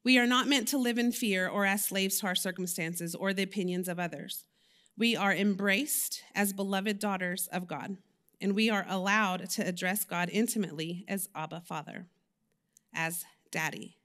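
A woman lay preacher gives a personal, conversational sermon in a church, speaking candidly and confessionally with frequent fillers and self-corrections. Her voice sits in the mid range and is a bit bright.

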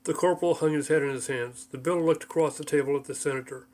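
A man narrates his own comic book as an audiobook, in a light, playful storytelling manner. His voice sits fairly high for a man. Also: steady tone, fast talker, hardly any pauses, a little mellow, a little hiss or hum.

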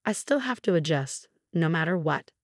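Narrator: young woman, low voice, dry close sound, steady scripted story reading. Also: moderate pace, no room sound. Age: 20s.

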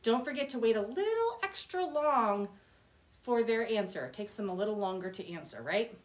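A woman's voice: on the high side, big pitch swings, normal speed. A woman hosting a children's library program, friendly and advising parents as she wraps up. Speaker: program host. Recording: echoey room.

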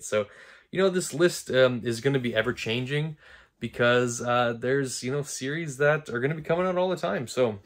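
A man's voice: mid-range voice, fairly bright tone. A man hosting a book review channel, talking casually to camera with eager, rambling enthusiasm and frequent restarts.

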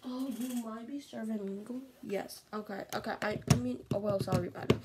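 A woman vlogging in casual, excitable chatter, pleading and dropping into whispers. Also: fairly high pitch, fairly quick, heavy background noise.

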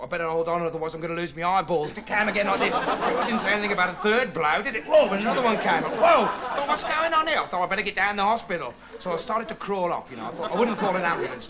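An actor playing a rambling, excitable young male investigative reporter in a TV comedy monologue, digressing and bursting into shouts. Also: high-pitched. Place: TV studio with live audience. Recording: old TV broadcast, loud studio laughter and noise.

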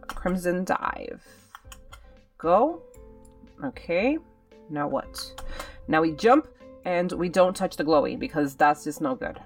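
A woman's voice: sits low, far from the mic. Chatty young woman narrating a game. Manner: chatty, dramatic, talks to viewers as guys. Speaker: gaming channel host. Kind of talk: casual game commentary.

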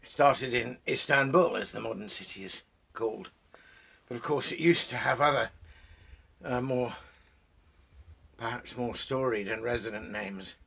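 A man's voice: medium pitch, slow pace, gravelly, pauses often, a bit bright, breathy edge. A man hosting a casual, rambling talk about poetry at home among his bookshelves, with many fillers and restarts. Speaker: poet and host.

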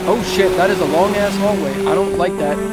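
A young man giving let's play commentary on a horror game, jittery, stammering and swearing, yelling when frightened. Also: high-pitched, a little fast. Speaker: gaming YouTuber. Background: game music.

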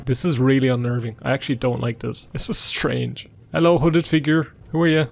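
A man's voice: mid-range voice, fairly even intonation, a little fast, creaky, slight background noise. A man giving joking, sarcastic gameplay commentary. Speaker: gaming YouTuber.

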